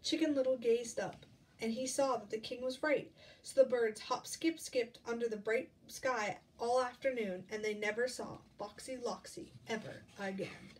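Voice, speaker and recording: A woman's voice: on the high side, normal speed. Woman reading a picture book to kids. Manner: lively, asks listeners questions about the pictures. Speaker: storybook reader. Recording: distant mic, faint background noise.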